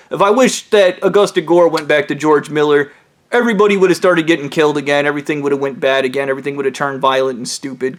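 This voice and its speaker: A man telling a rambling, profane story in a casual monologue. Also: on the high side. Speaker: vlogger.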